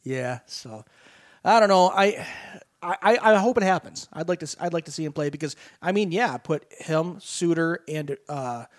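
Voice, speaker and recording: A man's voice: fairly high pitch, expressive, moderate pace. A man co-hosting a sports talk radio show, ranting animatedly in casual chat with frequent restarts. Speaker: radio co-host.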